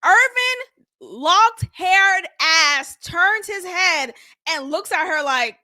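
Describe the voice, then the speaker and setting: A young adult woman hosting a casual, animated recap of a reality show, acting out quotes and laughing often. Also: extremely high pitch, takes it slowly.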